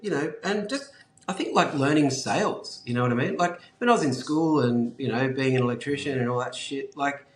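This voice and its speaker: A man's voice: medium pitch, fairly quick. Australian man, forties, casual swearing talk, echoey room. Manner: laid-back, swearing, lots of fillers. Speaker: guest entrepreneur. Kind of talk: casual interview chat. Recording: roomy echo.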